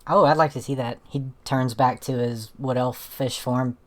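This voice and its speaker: A woman's voice: very deep voice, steady tone, normal speed. A woman playing in an online tabletop game, giggling often and talking in a casual, slightly apologetic way. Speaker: player. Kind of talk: casual play chat.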